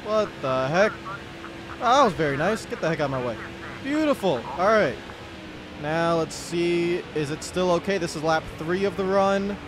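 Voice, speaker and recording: A young man commenting on his own racing game play, muttering to himself and yelling when things go wrong. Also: sits high, normal speed, noisy background. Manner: excitable, yells when wrecked, mutters to himself. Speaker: gaming YouTuber.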